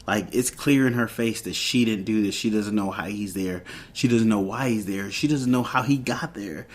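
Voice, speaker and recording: A podcast host with a fairly low voice, speaking at normal speed, casually retells a TV episode. His retelling rambles, and he acts out the characters' lines as he goes.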